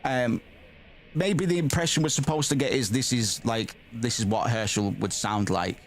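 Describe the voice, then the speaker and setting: A male streamer at a middle pitch reads game text aloud and mixes in blunt, profanity-laced commentary. His delivery is loose and conversational, over a faint steady hiss. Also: moderate pace. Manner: blunt, swears freely, drawls "man" and "bro".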